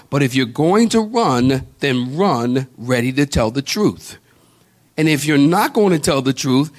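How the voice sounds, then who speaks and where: A man's voice: mid-range voice, expressive, unhurried. A male pastor preaching a sermon, building emphasis through repetition and calling on the congregation to respond.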